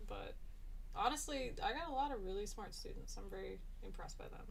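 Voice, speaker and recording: A woman teaching a class over a live stream at an ordinary middle pitch. She talks in a chatty, encouraging way and answers student comments as they come in. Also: lively intonation, normal speed, gravelly, slight background noise.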